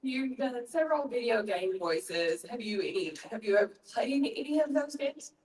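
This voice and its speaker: A woman's voice: a little high, expressive, normal speed, a little mellow. A woman in the audience politely asking a panel guest questions, with some hesitation. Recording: echoey hall, voice heard from far off.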